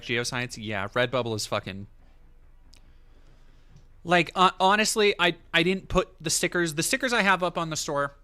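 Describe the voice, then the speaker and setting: A man's voice: mid-range voice, bright, forceful tone, smooth. A man casually commenting on clips as a streamer, sarcastic and swearing freely.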